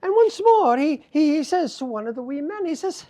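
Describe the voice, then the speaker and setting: An Irish storyteller tells a folktale in a lilting, animated voice. He repeats phrases and pauses between them, keeping the telling lively. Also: very high voice.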